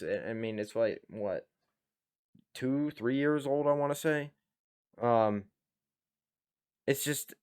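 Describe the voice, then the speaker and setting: A man hosting a reaction video, talking bluntly and with lots of profanity in casual commentary. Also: medium pitch.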